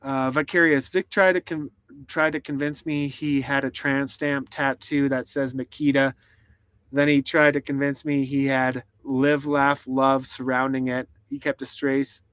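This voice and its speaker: A man's voice: mid-range voice, flat delivery, unhurried, bright, forceful tone, smooth, no room sound. A man rambling and laughing through a casual live stream from inside a truck camper, reading chat comments aloud. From United States.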